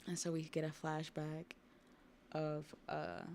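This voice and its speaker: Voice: medium pitch, monotone, takes it slowly, gravelly, a little mellow, slight background noise. A streamer casually recapping a comic on a livestream, with laid-back slang, laughter and swearing.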